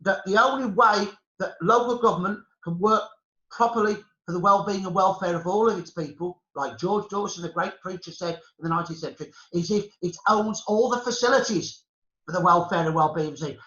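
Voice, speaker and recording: A man's voice: sits high, a little fast, pushed and bright. A middle-aged man with a Brummie accent, talking passionately and emphatically in a conversational discussion, repeating points for emphasis. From England. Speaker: historian guest. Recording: lo-fi with a roomy echo.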